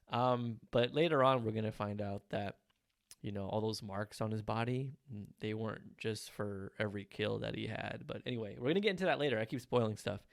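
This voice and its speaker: A young man hosting a solo movie review podcast, talking in an animated, blunt way and swearing freely. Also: on the low side, a little fast, vocal fry, dry recording, clean studio sound. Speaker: podcast host.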